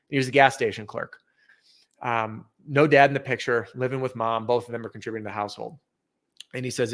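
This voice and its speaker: A middle-aged man talking as a podcast guest, telling stories in an earnest, energetic way. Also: medium pitch, a little fast. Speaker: podcast guest, roofing sales trainer. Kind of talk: casual interview chat.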